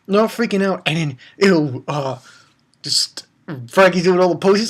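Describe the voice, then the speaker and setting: A man reviewing an anime episode in a rambling, excitable way, stumbling over names and jumping up into high squeals. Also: moderate pace.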